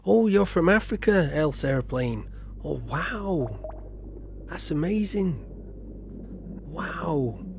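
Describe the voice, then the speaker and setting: A man's voice: fairly high pitch, animated, takes it slowly, creaky, long pauses, noisy background. A man from England, streaming a farming game and chatting casually in a rambling, self-deprecating way with lots of fillers. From Yorkshire, England. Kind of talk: casual chat while playing a game.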